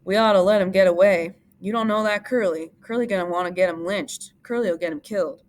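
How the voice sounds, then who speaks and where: A woman voicing an old one-handed ranch hand, pleading and bitter, her voice climbing high when upset. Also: moderate pace, creaky.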